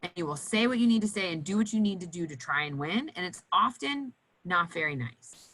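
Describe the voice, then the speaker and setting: A woman occupational therapist teaching nurses in an educational panel talk, animated and acting out cheerful voices for children. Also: lowish voice, brisk, rough recording.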